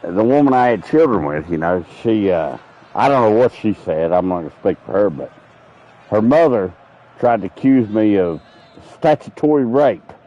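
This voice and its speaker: A man's voice: lowish voice, lively intonation, moderate pace, dark tone, dull audio. A man streaming a game, telling rambling, profane stories in casual chat. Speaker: gaming streamer. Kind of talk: casual chat while playing.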